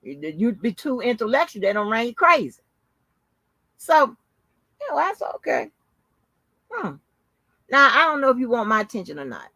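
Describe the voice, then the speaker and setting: A woman hosting her own channel, telling a story in a casual, animated, profane and mocking way. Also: a little high, moderate pace, long pauses, no echo. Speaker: channel host. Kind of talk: casual live-stream commentary.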